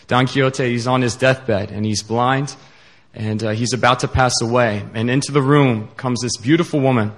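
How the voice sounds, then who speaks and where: A man preaching a sermon in an earnest, halting way, with many fillers. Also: medium pitch.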